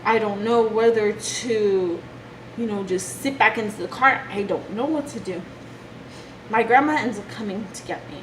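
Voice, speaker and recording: A young woman telling a personal story from her childhood in a halting, emotional way. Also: medium pitch. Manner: emotional, halting retelling with restarts. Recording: echoey room with background noise.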